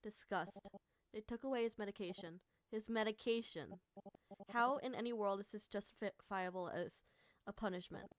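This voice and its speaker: A woman's voice: medium pitch, normal speed, no room sound. Emotional woman streamer reading a game aloud. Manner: emotional, reacts aloud and swears. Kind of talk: reading a visual novel aloud with commentary.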